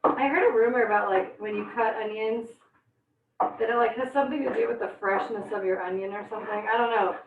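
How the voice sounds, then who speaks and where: Young woman teaching a cooking class, kinda high voice, laughing through onion tears, tinny and far off. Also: fairly even intonation, a little fast. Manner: chatty, laughing, exclaiming through watering eyes. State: teary-eyed from onions. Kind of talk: live online cooking class. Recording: echoey, distant, phone-like sound.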